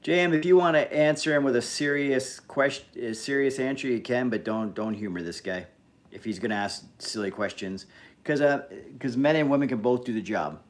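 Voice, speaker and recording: A man hosting a casual live stream, talking bluntly in an animated rant that is full of swearing. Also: mid-range voice, normal speed. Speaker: livestream host.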